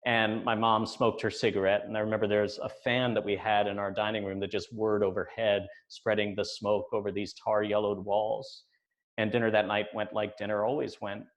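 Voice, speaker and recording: A man's voice: lowish voice, level tone, moderate pace. Man telling a wry personal story. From United States.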